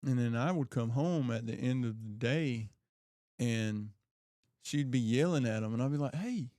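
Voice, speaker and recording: A man co-hosting a casual chat beside his wife. He is laid-back and drops in quick asides. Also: medium pitch, dark tone, dry recording, studio quality. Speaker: co-host, husband.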